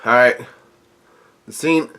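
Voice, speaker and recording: A man reading a manga chapter aloud with commentary, in a halting way with many restarts and filler sounds. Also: sharp tone. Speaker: manga reaction host.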